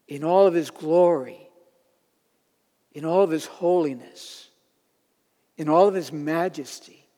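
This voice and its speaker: Man, preacher, sermon, high-pitched, earnest, emphatic, long hall reverb. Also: unhurried. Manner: earnest, building to loud emphatic peaks.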